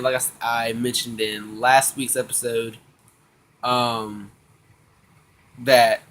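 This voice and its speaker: A man casually recapping an anime episode, slangy and excitable, acting out the characters' lines in quick bits. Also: medium pitch, slight background noise. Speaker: anime review vlogger.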